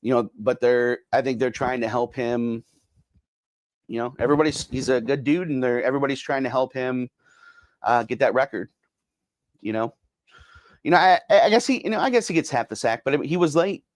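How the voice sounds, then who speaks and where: A man's voice: medium pitch, fairly quick, long pauses, dry recording, clean studio sound. A middle-aged man hosting a casual sports podcast alone, rambling with lots of fillers and repeats as he reads comments. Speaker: podcast host. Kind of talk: casual solo sports talk reading viewer comments.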